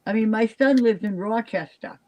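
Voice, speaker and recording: A woman's voice: on the high side, moderate pace, mellow, low-quality recording. An older woman, worn out, chatting casually on a live stream in a rambling way. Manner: rambling, chatty, trails off with fillers. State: exhausted. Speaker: live stream chat participant. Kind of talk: casual chat.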